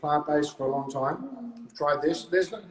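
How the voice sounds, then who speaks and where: A man's voice: fairly high pitch, animated, unhurried, echoey room, slight background noise, low-quality recording. A man speaks as a guest and product maker in a casual live-stream chat, upbeat and promotional.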